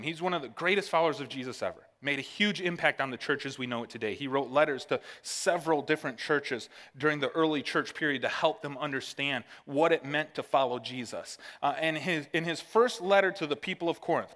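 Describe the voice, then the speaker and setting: A fairly high, slightly bright voice carries a long reverb tail through the church sanctuary. The preacher, a man from the northern United States, keeps his sermon conversational and checks in with the congregation with "all right?".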